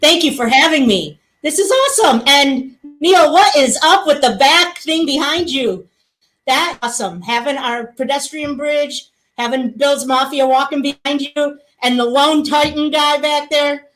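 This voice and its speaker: A woman guest on a live fan show, the chapter president of a fan club, excited and gushing. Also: high-pitched, a little slow, a little hiss or hum, low-quality recording. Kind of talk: casual chat.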